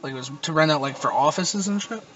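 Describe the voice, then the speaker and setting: A man's voice: fairly high pitch, quick pace. A young man from Nova Scotia, Canada, telling a rambling, profane story in casual podcast chat. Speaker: podcast host. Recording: muffled distant mic with loud noise.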